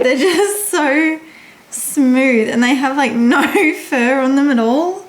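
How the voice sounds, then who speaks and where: A woman's voice: sits high, very slow, long pauses, poor audio. A young Australian woman chatting casually in a bubbly, gushing vlog, laughing easily. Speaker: vlogger.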